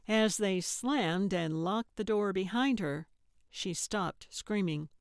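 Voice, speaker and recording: A woman narrating an audiobook in a steady, measured scripted reading. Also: medium pitch, clear, resonant tone, no echo, clean studio sound.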